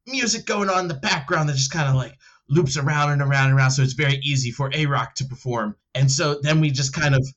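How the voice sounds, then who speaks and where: A man playing a tabletop game who tells in-character stories in a rambling way, with many fillers, laughing, and higher voices for other characters. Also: fast talker, hardly any pauses, fairly bright tone, muffled recording. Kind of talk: in-character role-play storytelling.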